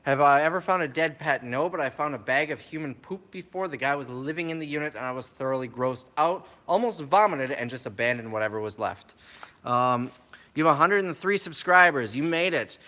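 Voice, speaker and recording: On a live stream, a man reads viewer questions aloud and then answers them in a relaxed, chatty manner. His voice is medium-pitched and his pace a little fast.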